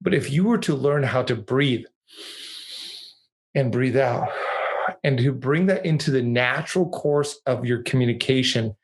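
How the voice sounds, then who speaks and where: A man hosting a podcast over a video call, making measured coaching points and steering the conversation. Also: mid-range voice. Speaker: podcast host.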